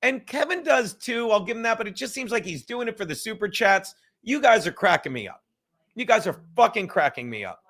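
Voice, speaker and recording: A man in his fifties chats loosely on a livestream from home, his voice sitting high for a man. He rambles, swears freely and laughs between his thoughts. Now and then he drops into a whisper. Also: big pitch swings, a little fast, fairly bright tone. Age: 50s. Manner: rambling, profane, laughing, drinking while talking. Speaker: livestream host. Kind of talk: casual livestream chat.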